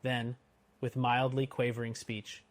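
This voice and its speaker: A man narrating a classic novel as an audiobook in a steady, expressive reading. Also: mid-range voice, unhurried, no room sound. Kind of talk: scripted narration.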